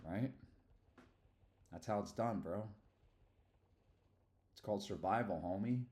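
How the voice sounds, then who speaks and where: A middle-aged streamer from Philadelphia rambles in slangy, casual livestream chat, drifting into loose asides. His voice is on the low side and darkish, and he speaks slowly.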